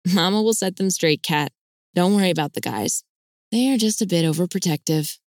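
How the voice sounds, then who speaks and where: A woman's voice: fairly low pitch, brisk, a little mellow, no room sound, studio quality, close to an everyday voice. A woman reading aloud voices a bubbly, teasing young woman in an audiobook. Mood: reassuring. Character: warm lively young woman, artist sister.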